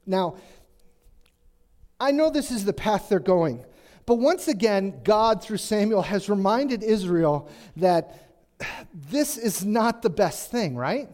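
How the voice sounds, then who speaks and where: His voice sits high and sounds a little mellow, expressive but slow. This preacher gives a chatty, conversational sermon, asking the congregation questions and dropping jokes in asides.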